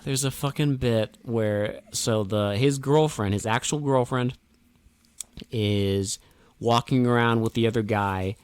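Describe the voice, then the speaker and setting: Man, podcast co-host, blunt and mocking, swears a lot, medium pitch, dry close sound. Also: a little slow, darkish tone, clean tone, no echo. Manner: blunt, profane, dryly mocking. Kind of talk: casual movie recap chat.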